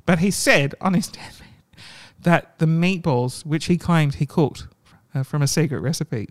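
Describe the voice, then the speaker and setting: Man reading stories with hushed reactions. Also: fairly high pitch, measured pace. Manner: reactive, drops to hushed asides between readings.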